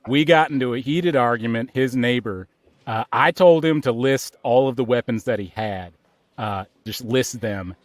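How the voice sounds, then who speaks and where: A man's voice: moderate pace, no room sound, close to an everyday voice. A man playing a lazy, bumbling police officer who rambles and stammers in an improv comedy scene. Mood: flustered. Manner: rambling, stammering, jumping up in pitch.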